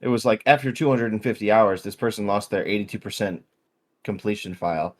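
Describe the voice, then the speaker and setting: A sleepy man in his thirties, co-hosting a casual podcast. His voice sits a little low, and he talks in a laid-back way with a dry sense of humor. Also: a little fast. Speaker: podcast co-host. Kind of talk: casual chat.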